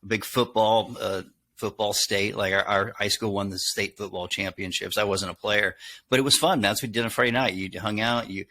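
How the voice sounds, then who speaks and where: A middle-aged man from Texas talks as a guest, lively and storytelling, now and then acting out what people say. His voice is bright and forceful and sits a little low. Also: moderate pace. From Texas, USA. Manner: animated storyteller, acts out quotes. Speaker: guest, handwriting expert. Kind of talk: casual interview talk.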